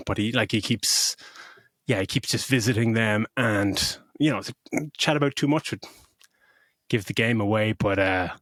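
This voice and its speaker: A man's voice: on the low side, normal speed, no room sound, clean studio sound. A middle-aged man co-hosting a podcast, gushing about a film in casual chat and swearing freely. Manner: effusive, swears freely, animated retelling. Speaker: podcast co-host. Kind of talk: casual movie review chat.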